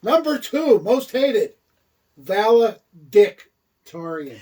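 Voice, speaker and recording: A man's voice: sits high, very animated, normal speed, slightly rough, far from the mic. A man co-hosting a wrestling talk show, teasing his partner with wisecracks and puns. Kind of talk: casual joking chat.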